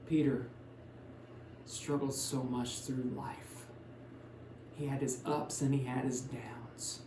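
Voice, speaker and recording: A male pastor tells a Bible story in a relaxed, conversational sermon voice, dropping low for some lines and lifting it for others. His voice sits at a middle pitch. The church room adds a noticeable echo over a faint background hum. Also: slow pace. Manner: conversational storytelling with shifts between loud and hushed. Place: church sanctuary.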